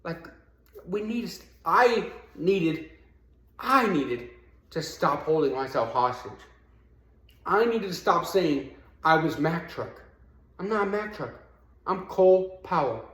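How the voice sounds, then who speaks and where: A man telling a parable in a casual motivational talk, speaking conversationally and filling gaps with "you know", and climbing high and emphatic when he drives a point home. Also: expressive, takes it slowly, pauses often, fairly bright tone. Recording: echoey room.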